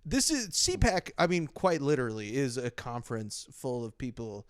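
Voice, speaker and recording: A man's voice: medium pitch, sing-song, normal speed, smooth, no echo, studio quality. A man hosting a podcast, chatting in a joking, sarcastic way and laughing often. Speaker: podcast host. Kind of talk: casual comedy chat.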